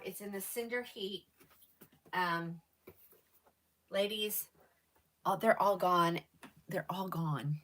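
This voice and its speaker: Live-sale host, woman, lowish voice, chatty and jittery, muttered asides. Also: a bit bright. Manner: chatty and rambling, talks to viewers as ladies; quick, jittery talk with whispered asides. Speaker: live shopping host selling wigs. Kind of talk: casual live-stream sales chat.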